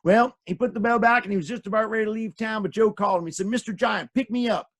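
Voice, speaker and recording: Here a man speaks very fast at a high pitch, telling children's stories in a playful, interactive style and prompting his audience to join in with sound effects.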